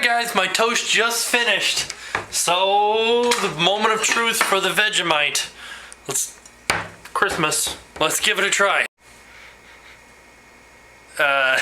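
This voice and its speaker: A man talking in a rambling, animated way in a casual home video blog, quick to laugh. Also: high-pitched, slight background noise, rough recording. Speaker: vlogger. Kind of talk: casual vlog chat.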